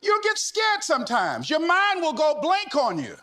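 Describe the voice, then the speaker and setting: Fiery high-pitched man exhorting. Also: huge pitch swings, moderate pace. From United States. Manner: fiery, shouting, repetitive exhortation. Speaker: motivational speaker. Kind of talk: motivational speech.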